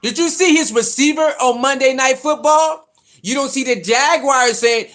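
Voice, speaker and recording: Unhurried and very high-voiced, a man working as a sports commentator rants casually and heatedly about which quarterbacks a football team picked. He comes across as animated and preachy, circling back to the same points again and again.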